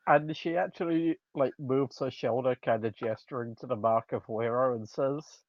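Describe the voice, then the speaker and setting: A woman's voice: rumbling low, normal speed, no echo. A player describing her character's moves in a tabletop game, in third person. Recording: dull lo-fi mic.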